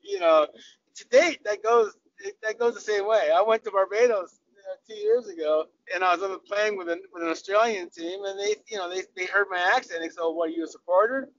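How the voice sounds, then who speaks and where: In a relaxed, chatty interview, a cricketer guest, an older Southern Californian man with an American accent, tells stories with lots of laughter and many restarts. He speaks in a high voice at a slightly fast pace, captured in dull lo-fi audio.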